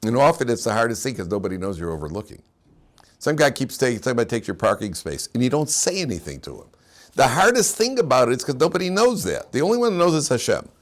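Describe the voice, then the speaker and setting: A man's voice: mid-range voice, fast talker. A man, a rabbi, giving a lecture on the weekly Torah portion, telling homely stories with chuckles and Hebrew terms. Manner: animated, chuckling storyteller, mixes Hebrew terms into English. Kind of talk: lecture with humorous storytelling.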